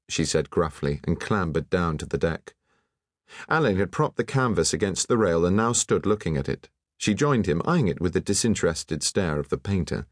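A man narrating an audiobook in a measured, even storytelling manner. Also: sits low, dry recording, clean studio sound. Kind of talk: scripted narration.

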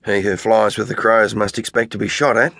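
A man's voice: fairly low pitch, level tone, fairly quick, gravelly, a bit bright, no echo, studio quality. A man voicing a weary, whiny police constable who moralizes at kids.

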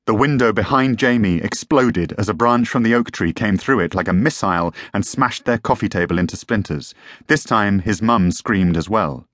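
A man's voice: on the low side, moderate pace, fairly bright tone, no echo, clean studio sound. A man narrating a tense story as an audiobook reader. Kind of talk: scripted narration.

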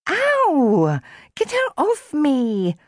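A woman's voice: high-pitched, wildly swooping pitch, drawn-out words, no room sound, studio quality, voice pushed up, full character voice. A woman voicing a cross young girl in a storybook, snappish and sulky.

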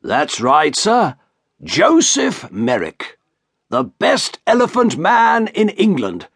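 A man doing a fawning, high-voiced showman shopkeeper. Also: huge pitch swings, slow, creaky, fairly bright tone, breathy edge, no room sound, exaggerated voice. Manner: obsequious, keeps saying sir. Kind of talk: audiobook character voice.

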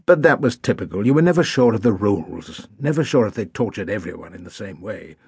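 A man narrating an audiobook in a measured, wry storytelling manner, recorded in a studio. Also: lowish voice, big pitch swings, gravelly, darkish tone, husky, dry recording.

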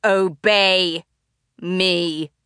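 A man's voice: high voice, fairly even intonation, very slow, pushed and bright, clean tone, dry recording, exaggerated voice. A theatrical, commanding man who plays to an audience in a storybook scene , voiced by a woman narrator. He barks orders with grand flourish and little patience, his voice slightly raised and pushed. The reading is close and dry. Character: pompous theatrical male cult leader, commanding.

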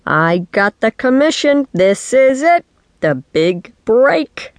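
Woman putting on an exuberant storybook dad, booming, smug, theatrical, dry recording. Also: moderate pace, no room sound, close to an everyday voice. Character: excitable, theatrical dad, middle-aged man. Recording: dry studio audiobook.

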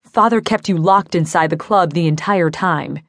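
Lady reading as a serious young guy in an audiobook, urgent, low and dry. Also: moderate pace, no echo, lightly acted. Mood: earnest. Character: young man, earnest and angry.

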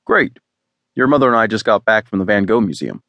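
A man's voice: fairly low pitch, lively intonation, a little fast, fairly bright tone, dry recording. A male audiobook narrator voicing a teasing, boastful middle-aged father who is a tech expert. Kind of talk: audiobook dialogue.

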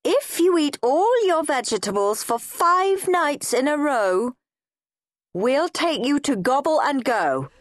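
Woman reader as a brisk, bossy English mother, storybook, dry close sound. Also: high voice, very animated, no echo, voice pushed up, exaggerated voice. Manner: brisk, firm, bargaining. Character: nagging middle-aged mother, brisk and bossy.

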